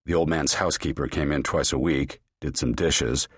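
A man narrating a thriller audiobook in a measured, grave reading. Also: a bass voice, steady tone, breathy edge, no room sound, clean studio sound.

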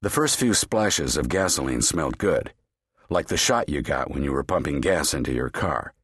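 A man narrating a thriller audiobook in a measured, grave reading. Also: rumbling low, animated, a bit bright, husky, dry recording, studio quality.

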